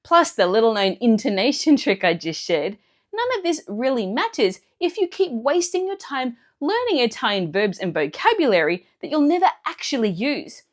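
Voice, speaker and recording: A woman teacher explaining Italian grammar clearly and step by step in a scripted lesson. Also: on the high side, sing-song, moderate pace.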